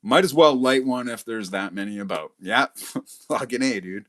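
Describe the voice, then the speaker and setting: A man's voice: mid-range voice, normal speed, a bit bright. Foul-mouthed, boastful man. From Canada. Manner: profane, boastful and heated, swearing constantly. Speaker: livestream host. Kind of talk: casual livestream chat, reading comments aloud.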